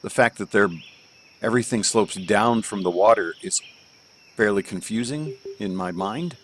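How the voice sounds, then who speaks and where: A man's voice: fairly low pitch, normal speed, a bit bright, slight background noise. A man streaming live, reviewing golf courses in a rambling, joking way from home and thinking aloud with plenty of fillers. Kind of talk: casual live game commentary.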